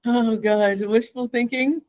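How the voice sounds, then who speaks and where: Young woman co-host, fairly high voice, playful and teasing, dry close sound. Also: fairly even intonation, takes it slowly, darkish tone, dry recording. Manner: joking, playfully defiant. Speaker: podcast co-host. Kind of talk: casual chat.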